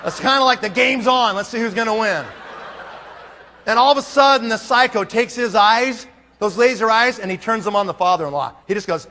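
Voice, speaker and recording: Man, conference speaker, comic storytelling, very high voice, long hall reverb, faint background noise. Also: moderate pace. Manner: animated, acts out scenes with sound effects.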